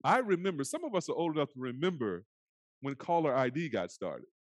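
A man preaching a sermon as pastor, earnest, often dropping to soft hushed phrases. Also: a little high, very animated, brisk, dry recording. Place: church sanctuary.

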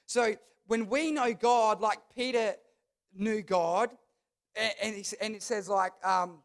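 A man's voice: sits high, fairly bright tone. A man preaching a youth sermon, emphatic, repeating his phrases and asking the crowd to respond. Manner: talks to the crowd, asks them to repeat. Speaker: youth pastor.

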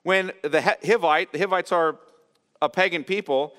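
A man preaching an expository sermon as pastor, earnest and explanatory, often pausing to restate a phrase. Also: high-pitched, expressive, bright, forceful tone, big-room sound. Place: church sanctuary.

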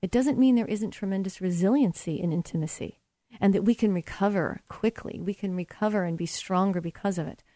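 A woman's voice: medium pitch, brisk, dark tone, dry recording. A middle-aged woman hosting a talk show, telling a personal story and giving earnest relationship advice. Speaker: radio show host.

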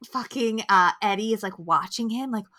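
A young woman co-hosting a podcast in casual chat, animated, swearing freely and acting out quotes. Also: medium pitch, normal speed. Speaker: podcast co-host.

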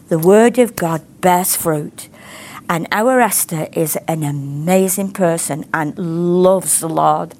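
A woman's voice: lowish voice, a little hiss or hum. Heartfelt woman preaching. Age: middle-aged. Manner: rambling, heartfelt, emphatic. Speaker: ministry teacher. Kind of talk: testimony and prayer.

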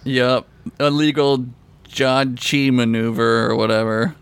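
A man's voice: mid-range voice, steady tone, measured pace, vocal fry, clear, resonant tone. A man co-hosting a podcast, chiming in with wisecracks in casual banter. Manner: wisecracking, chimes in with jokes. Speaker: podcast co-host.

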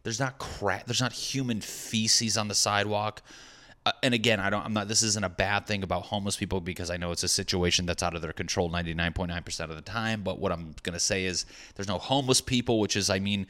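Low-voiced rambling comedian. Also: male voice, fairly even intonation, fast talker, a bit bright. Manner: rambling, profane, jokey. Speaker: stand-up comedian. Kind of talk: casual comedic monologue.

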